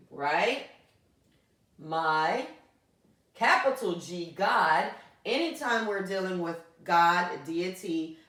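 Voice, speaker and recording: A woman teacher explains a grammar lesson in a patient voice and often stops to check that her students follow. Her voice comes from some distance away in a strongly echoing room, and she slows right down to dictate words one by one. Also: fairly low pitch, fairly bright tone. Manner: patient, checks in with frequent "okay?". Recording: echoey room, voice from off mic.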